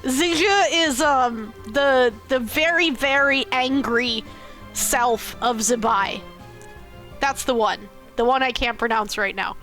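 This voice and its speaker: A high-pitched, bright-toned woman streamer casually recaps a game's plot in an animated way, laughing and swearing freely. Faint game music plays behind her. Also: slow pace.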